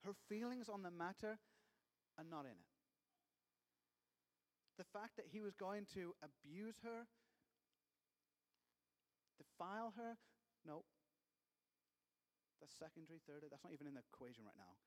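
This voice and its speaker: A man with a high voice preaches a sermon, telling the scripture story in a chatty, conversational way. His voice rings out with the long reverb of a large hall. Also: animated, a little slow, long pauses.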